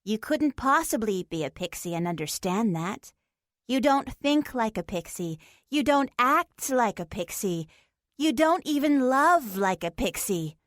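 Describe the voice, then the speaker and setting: A bubbly, outspoken young pixie girl, as a woman reading an audiobook puts her on, her voice sitting a touch high and recorded dry and close. She talks with blunt, playful cheer. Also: animated, a little slow, dry recording. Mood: animated. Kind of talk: audiobook character voice.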